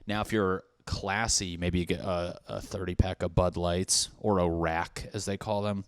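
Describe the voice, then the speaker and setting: A man in his thirties, fairly low-voiced, hosting a comedic solo podcast. He rambles through party scenarios and swears constantly. His voice sounds dry and close, with no room echo. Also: flat delivery, a little slow, clear, resonant tone. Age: 30s. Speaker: podcast host. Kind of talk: casual comedic monologue.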